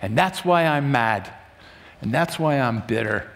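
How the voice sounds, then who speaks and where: A male preacher giving a sermon to a room full of people, swinging dramatically between loud urgency and hushed emphasis. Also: mid-range voice, lively intonation, measured pace, vocal fry. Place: room with a congregation.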